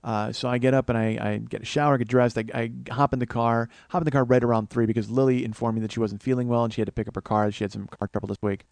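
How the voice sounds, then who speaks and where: A man spins a comic story in a monologue and jumps into other people's voices as he goes. His pitch sits in the middle, and the sound is dry and close, with no room around it. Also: fairly even intonation, fast, hardly any pauses, darkish tone, no echo. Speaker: comedian host.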